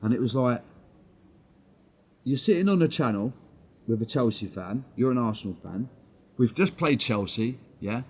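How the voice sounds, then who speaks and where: An English man rants heatedly on a live fan stream, blunt, swearing and combative, yet his medium-pitched voice is a little mellow and husky. He's expressive, moves at a moderate pace and leaves long pauses. The lo-fi stream audio is dull, with faint background noise.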